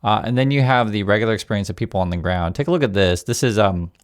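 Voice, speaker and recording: A man's voice: fairly low pitch, fast talker, no room sound, studio quality. A man hosting a casual news commentary channel, talking conversationally to his viewers with frequent fillers.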